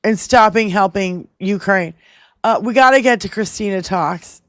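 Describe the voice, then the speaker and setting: A woman's voice: medium pitch, moderate pace, dry recording, studio quality. A woman co-hosting a casual political chat show, talking bluntly and angrily with heavy swearing. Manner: blunt, profane, heated. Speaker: podcast co-host.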